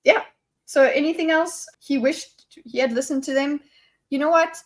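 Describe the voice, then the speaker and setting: A woman co-hosting a casual book discussion, excited and laughing while she thinks aloud. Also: sits high, normal speed. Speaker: book club co-host.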